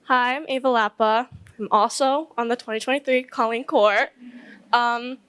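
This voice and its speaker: A woman's voice: fairly high pitch, steady tone, moderate pace, fairly bright tone, slight background noise. Nervous, tearful young woman speaking. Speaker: outgoing court member giving a farewell speech. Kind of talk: emotional farewell speech. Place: ballroom event.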